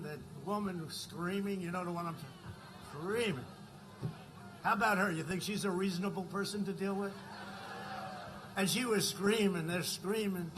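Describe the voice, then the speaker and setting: A man's voice: high voice, background noise. A man addressing a campaign rally in a rambling, repetitive way, often checking in with the crowd. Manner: rambling, repetitive, keeps asking the crowd "right?". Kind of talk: rally speech.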